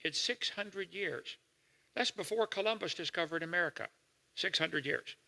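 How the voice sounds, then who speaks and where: Older guy lecturing a crowd, homey examples, gravelly, big hall echo. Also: high voice, bright, forceful tone. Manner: explains slowly with homely examples, checks with listeners. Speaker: creationist lecturer. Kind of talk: folksy lecture to an audience. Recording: reverberant hall recording.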